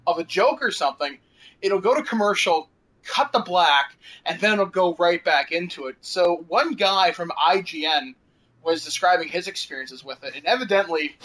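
A man's voice: high-pitched, fairly bright tone, low-quality recording. A man hosting a casual podcast chat, rambling, laughing often and swearing casually.

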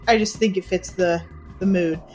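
A woman's voice: fairly low pitch, steady tone, normal speed, darkish tone, soft background music. A woman player chatting casually, giggly and hesitant with many fillers. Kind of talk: casual chat.

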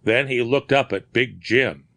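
Male audiobook narrator, slow and deliberate, bright tone, dry sound. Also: mid-range voice, vocal fry, no room sound. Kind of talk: scripted narration.

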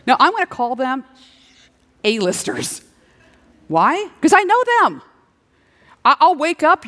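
A middle-aged woman preaching a sermon, playful and animated, slipping into little acted-out dialogues. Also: high-pitched. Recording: long hall reverb.

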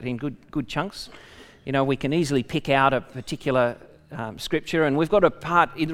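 Guy preaching, reads scripture then chats w the congregation, smooth voice, big hall echo. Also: mid-range voice. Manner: conversational asides to the congregation. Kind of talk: sermon with scripture reading.

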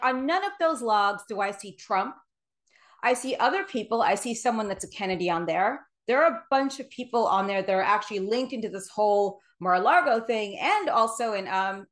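Woman host getting all amped up, kinda high voice. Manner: amped-up, emphatic. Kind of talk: casual interview.

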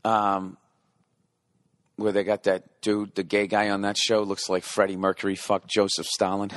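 A man's voice: on the low side, monotone, unhurried, a bit bright, dry recording, clean studio sound. A man in his forties doing a rambling, profane comedic monologue, often interrupting and correcting himself. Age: 40s.

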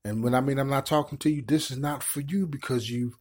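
A man's voice: medium pitch, fairly quick, a little mellow. A middle-aged man hosting an online show, giving impassioned commentary in a preachy way and repeating words as he builds his points. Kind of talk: impassioned live-stream commentary.

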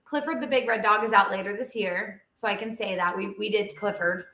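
A woman who trains dogs and animal talent, telling a story in a casual interview with animated, chatty energy and lots of "like.". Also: mid-range voice, a little fast. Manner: animated, chatty, heavy use of "like". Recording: roomy echo.

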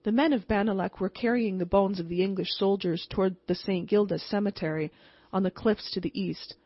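Husky-voiced woman reading a ghost story. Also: mid-range voice, no room sound. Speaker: audiobook reader. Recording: slightly muffled, dry recording.

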